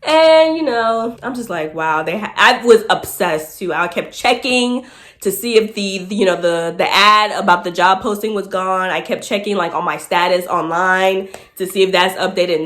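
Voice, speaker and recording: A woman tells a story straight to her viewers in a loose, chatty way. She laughs often, and she jumps into high voices whenever she acts out what other people said. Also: lively intonation, fairly quick, a bit bright. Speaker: vlogger. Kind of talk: casual storytelling to camera.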